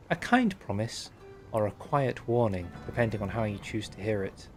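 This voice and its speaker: A man's voice: on the low side, animated, normal speed, faint music behind. A young man streaming and talking over a strategy game, chatty and wry, reading in-game text aloud. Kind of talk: game livestream commentary.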